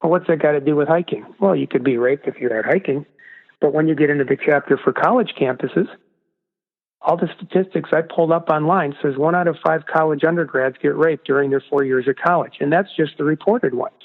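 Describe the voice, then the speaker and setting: Guy calling in over a thin phone line, voice a bit high, earnest and emphatic, echoey. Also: brisk. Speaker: guest author. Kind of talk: casual interview talk.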